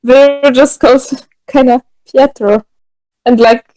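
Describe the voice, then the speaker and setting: A woman's voice: high-pitched, expressive, unhurried, low-quality recording. A woman playing a tabletop role-playing game, describing her character hesitantly with many restarts. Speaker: player. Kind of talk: tabletop role-play chat.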